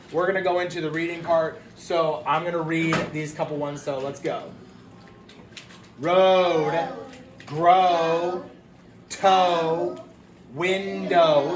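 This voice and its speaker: Encouraging teacher man, echoey room. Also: fairly high pitch. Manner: patient, encouraging, drills words with frequent "um". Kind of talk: phonics lesson. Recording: echoey room with loud background hiss.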